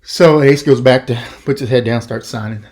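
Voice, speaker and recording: A middle-aged man hosting a podcast, telling a story in a rambling, animated way and acting out the quoted voices. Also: mid-range voice, normal speed. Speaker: podcast host. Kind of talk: casual storytelling.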